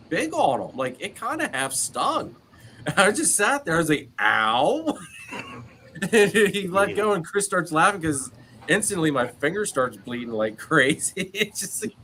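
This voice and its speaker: A man's voice: fairly high pitch, a little hiss or hum. A man hosting a live podcast over a video call, telling stories in casual chat with lots of fillers. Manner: animated storytelling with many fillers. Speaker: podcast host.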